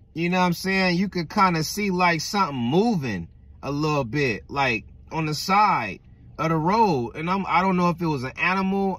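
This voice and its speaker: A young man telling a spooky story in a casual, animated way, swearing often and checking in with the listener. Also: fairly high pitch, dry recording. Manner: animated, swears a lot, keeps asking "right?". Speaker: vlogger.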